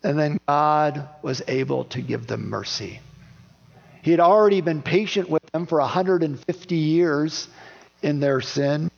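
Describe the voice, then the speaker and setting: A man's voice: fairly high pitch, unhurried, creaky, in a large hall. A man preaching a sermon as pastor, talking in a conversational way and asking his listeners questions. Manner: conversational, asks the congregation questions. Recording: dull lo-fi recording.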